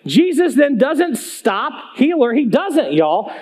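Preaching slowly, a high-voiced male pastor keeps his sermon loose and conversational. He remains animated throughout, repeatedly pulling the congregation in by asking them questions.

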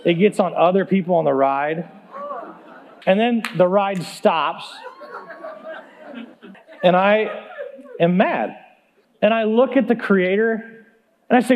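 A man in his thirties preaching a storytelling sermon, animated and comic, laughing at himself. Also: sits high, takes it slowly, pauses often, muffled recording.

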